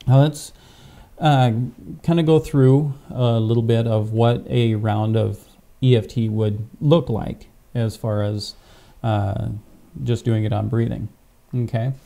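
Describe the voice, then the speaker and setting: Man, pastor-teacher, very dark tone, gravelly fry, patient explaining, keeps asking okay. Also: medium pitch, steady tone, slow. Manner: patient, step-by-step, frequent "okay?" check-ins. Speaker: pastor teaching tapping technique. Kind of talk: instructional demonstration. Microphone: clip-on microphone.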